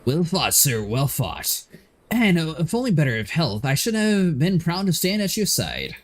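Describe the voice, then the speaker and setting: A man's voice: on the high side, huge pitch swings, moderate pace. A man reading aloud the lines of a grieving old nobleman from a fantasy game, formal and mournful. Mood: solemn.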